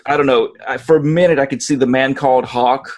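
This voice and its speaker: A man co-hosting a podcast who rambles into long, joking analogies. His voice sits at an ordinary pitch and keeps a casual, conversational tone. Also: fairly even intonation, quick pace. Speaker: podcast co-host. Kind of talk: casual chat.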